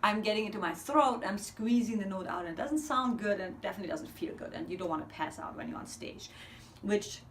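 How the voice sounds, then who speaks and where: A woman's voice: mid-range voice, fairly quick, fairly bright tone, slight background noise. A woman vocal coach leading a breathing lesson, counting steadily and speaking in an upbeat, encouraging way.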